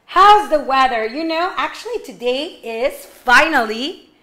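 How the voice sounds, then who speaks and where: High, bright-voiced bilingual teacher woman. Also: measured pace. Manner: animated, switches between English and Spanish, sings prompts. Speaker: kindergarten English teacher. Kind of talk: online class for young children.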